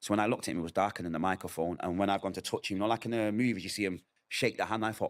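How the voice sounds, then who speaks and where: Racing along with few pauses, a middle-aged man with a low, steady voice tells his own hard story in an interview. His testimony is candid and emotional, full of vividly acted quotes from the people involved.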